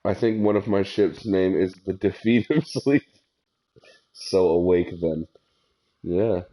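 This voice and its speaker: A man's voice: fairly low pitch, moderate pace, dark tone. A man streaming a video game, chatting casually and griping with a lot of swearing. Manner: profane, exasperated griping. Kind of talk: casual gameplay commentary.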